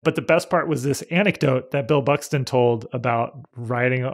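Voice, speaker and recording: A man's voice: medium pitch, normal speed. A middle-aged man co-hosting a casual podcast, joking and teasing himself with frequent laughs. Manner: joking, self-mocking, laughs often. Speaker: podcast co-host. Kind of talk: casual chat.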